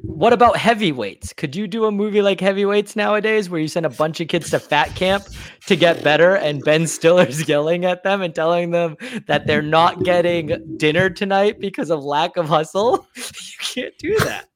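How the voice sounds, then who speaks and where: A young man rambles through a casual conversation, often breaking into laughter. His voice sits a little on the high side for a man. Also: moderate pace, no room sound. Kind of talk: casual chat.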